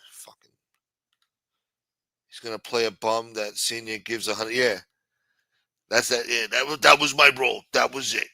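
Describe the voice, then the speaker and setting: A man's voice: mid-range voice, steady tone, normal speed, creaky, pauses often, pushed and bright, no echo. A man on a late-night live stream, rambling in a profane, self-mocking way. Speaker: show regular. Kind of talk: casual live-stream chat.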